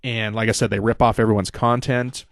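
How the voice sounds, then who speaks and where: A man's voice: little pitch movement, brisk, gravelly, fairly bright tone, dry recording, studio quality. A young man hosting a podcast, recapping wrestling in a loose, rambling way with lots of swearing and fillers. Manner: rambling, profane, acts out quotes in a higher voice. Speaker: podcast host.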